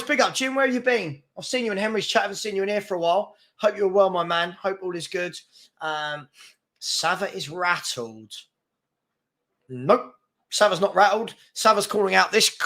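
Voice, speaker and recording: A man's voice: sits high, normal speed, a bit bright. A man hosting a live fan chat show, chatty and brash as he reads comments and takes on trolls. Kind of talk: casual live-stream chat reading comments.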